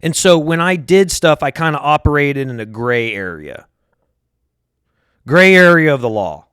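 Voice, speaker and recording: A man's voice: fairly high pitch, expressive, a little slow, a bit bright, clean tone, no echo, studio quality. Fired-up, foul-mouthed man in his thirties. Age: 30s. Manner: heated, profane, repeats himself. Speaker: show host. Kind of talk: venting monologue to his audience. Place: lives in Harris County, Texas.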